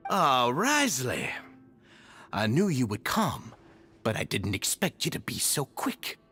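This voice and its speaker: A man's voice: medium pitch, wildly swooping pitch, a little slow, fairly bright tone, husky, soft background music, full character voice. An actor playing a cruel, furious male prison boss in a game, with a snarling Southern accent and a theatrical ranting manner. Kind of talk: game voice acting.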